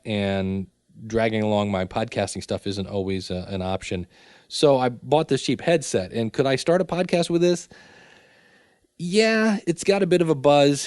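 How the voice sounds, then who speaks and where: A man's voice: on the low side, darkish tone, no echo. A man casually demonstrating and testing cheap microphones as a podcast teacher. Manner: conversational, testing gear aloud.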